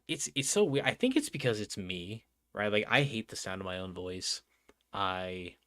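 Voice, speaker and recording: A man's voice: lowish voice, fairly bright tone, no room sound, clean studio sound. A young man from New Jersey chatting casually on a livestream, rambling with lots of fillers and calling everyone bro and dude. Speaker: streamer. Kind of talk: casual livestream chat reading out chat.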